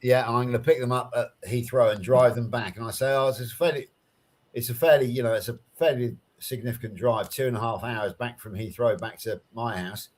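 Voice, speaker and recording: A man's voice: mid-range voice, fairly even intonation, a little fast. A man with an English West Country accent, chatting casually on a live stream, rambling along with lots of restarts and fillers. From England. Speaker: guest on a live crochet chat. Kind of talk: casual chat.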